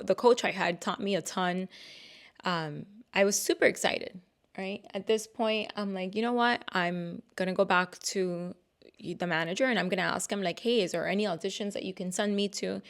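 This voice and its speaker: A woman in her thirties, a podcast co-host, telling a personal story in a casual, animated way and acting out the people she quotes. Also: medium pitch. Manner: animated, acts out quoted voices.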